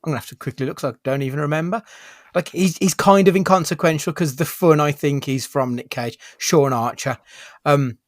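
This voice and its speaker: A man's voice: on the high side, fairly quick, no room sound, studio quality. A man co-hosting a podcast in casual chat, enthusiastic and rambling, with casual swearing. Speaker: podcast co-host.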